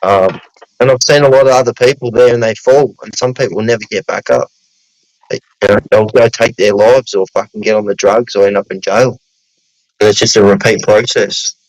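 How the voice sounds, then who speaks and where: Low-voiced Australian man, blunt and sweary. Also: steady tone, brisk, rough recording. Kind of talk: casual chat.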